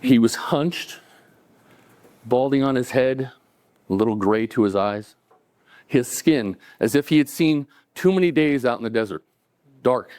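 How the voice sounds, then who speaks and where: A man's voice: mid-range voice, measured pace, long pauses, darkish tone, smooth, dry recording. A man telling a true story to a live audience at a cafe event, in a conversational way that acts out the dialogue. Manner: conversational, acting out dialogue, chuckling between lines.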